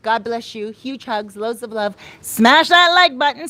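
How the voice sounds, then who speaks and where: Speaking slowly in a slightly high, somewhat bright voice, a woman hosts a laid-back livestream outside in the Dominican Republic. She's a life coach who showers her audience with affection and reads their comments aloud.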